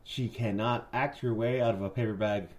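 A man's voice: fairly low pitch, fairly even intonation, moderate pace. A man co-hosting a casual movie review chat, recapping the plot bluntly and with plenty of swearing. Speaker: podcast co-host.

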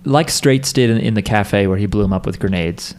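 A man's voice: on the low side, fairly quick, darkish tone. A man casually recapping an episode on a podcast, rambling with lots of filler words. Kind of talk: casual chat.

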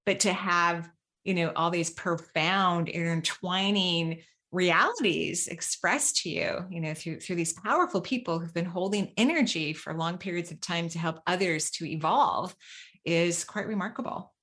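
A woman's voice: lowish voice, measured pace, fairly bright tone. A woman hosting a casual interview over a remote call, effusive and laughing often. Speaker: podcast host.

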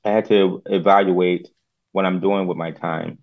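A very deep-voiced man calls in and reflects earnestly, pacing his words with the odd filler. The line sounds dull and lo-fi. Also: fairly even intonation, measured pace, creaky. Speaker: caller. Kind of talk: call-in reflection.

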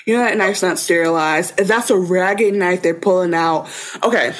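A woman's voice: fairly low pitch, normal speed. A woman co-hosting a podcast in casual chat, animatedly acting out scenes in playful voices. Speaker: podcast co-host.

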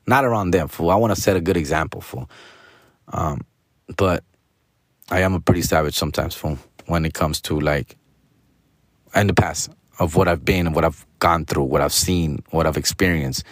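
A man's voice: very deep voice, moderate pace, no echo, clean studio sound. A middle-aged man hosting a casual podcast monologue, talking in a slangy, profane, rambling way and mixing in Spanish words. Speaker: podcast host.

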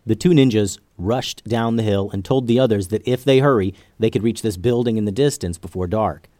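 A man hosting a children's podcast, narrating a story in a gentle, expressive way. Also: lowish voice, a little fast, no echo, clean studio sound.

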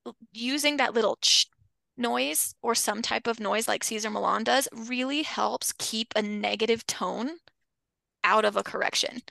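Gravelly, slightly high woman, chatty and playful. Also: measured pace, dry recording. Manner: chatty, breaks into loud laughing impressions. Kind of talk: casual interview talk.

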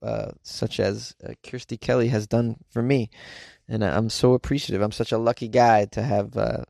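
A man's voice: fairly low pitch, little pitch movement, normal speed, gravelly, darkish tone, no room sound, clean studio sound. A man hosting his own podcast, chatting casually and joking, with many fillers and restarts. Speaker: podcast host. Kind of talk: casual solo podcast talk.

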